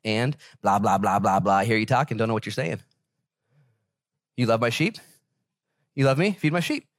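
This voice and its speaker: A man preaching a sermon voices the Lord as a kind, patient divine figure who gently reassures and coaxes. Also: fairly low pitch, expressive, moderate pace, no echo, clean studio sound. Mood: coaxing. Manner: gentle, reassuring, casually dismissive of excuses. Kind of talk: sermon with acted quotes.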